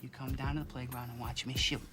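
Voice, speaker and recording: A man's voice: mid-range voice, flat delivery, fast, very noisy, close to an everyday voice. An actor playing an easygoing, unambitious bartender in his thirties, laid-back and earnest. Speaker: actor in a TV series.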